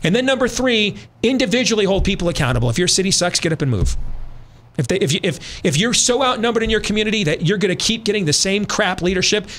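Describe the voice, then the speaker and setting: A man's voice: high-pitched, fairly bright tone. A man hosting a conservative talk radio show, arguing emphatically and checking in with listeners. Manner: emphatic, rhetorical, addresses listeners directly.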